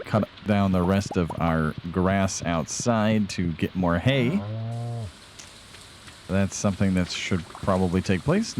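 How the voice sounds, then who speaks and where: A man's voice: fairly low pitch, darkish tone, a little hiss or hum. A young man casually commenting on his farming game to viewers, chatty and self-deprecating, a bit tired and yawning. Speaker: let's play host.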